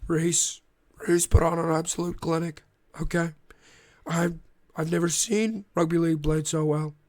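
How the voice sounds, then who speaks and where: A blustery older male politician with a put-on American accent brags in repetitive superlatives, as an Australian man puts him on. The voice sits a little higher than usual. It is recorded close and dry. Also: steady tone, a little slow, darkish tone, dry recording, lightly acted. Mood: boastful.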